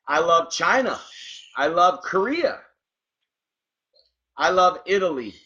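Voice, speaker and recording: A man's voice: high-pitched, very animated, slow, sharp tone. A male co-host in casual chat who enthusiastically greets listeners by name. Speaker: podcast co-host. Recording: dull lo-fi sound.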